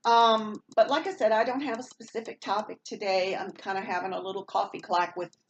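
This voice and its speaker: A woman's voice: medium pitch, steady tone, fairly quick, dull audio, a little hiss or hum. Rambling woman with a slight Southern twang. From born in Maine, raised partly in Rhode Island. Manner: rambling, with fillers and restarts. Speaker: vlogger. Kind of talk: casual chat.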